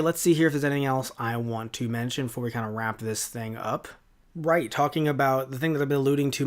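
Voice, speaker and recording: A man in his twenties hosting a podcast, giving a casual review in a rambling, sarcastic way with lots of fillers and restarts. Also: medium pitch. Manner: rambling and sarcastic, with many fillers and self-corrections. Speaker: podcast host.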